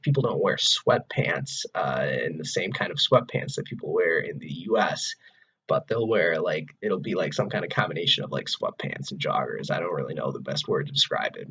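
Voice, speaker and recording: A man's voice: sits low, gravelly, a bit bright, slightly rough, highs cut off. A man in his twenties from Wisconsin with an American accent, talking casually to camera in his own room and rambling with many "like"s and restarts. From Wisconsin, USA. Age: 20s. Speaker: vlogger.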